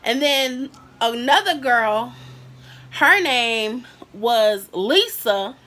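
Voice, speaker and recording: Drawing out her words, a young woman recounts a casual storytime on her vlog in a bright, high voice. She stays lively and personal throughout, animatedly imitating the people she quotes.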